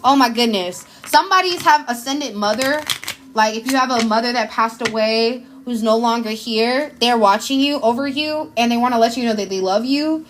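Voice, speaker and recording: A woman's voice: fairly high pitch, normal speed, a little hiss or hum. A woman, giving an emotional, effusive live tarot reading in casual slang. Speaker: tarot reader. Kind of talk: live spiritual card reading.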